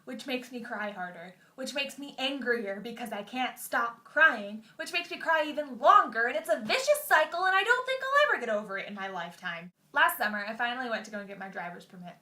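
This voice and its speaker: A young woman talks straight to her camera in a loose, chatty vlog. Her voice sits a little high and rings bright, and she pokes fun at herself as she goes. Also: animated, brisk, hardly any pauses. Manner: chatty and self-mocking. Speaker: vlogger. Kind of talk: casual vlog storytelling.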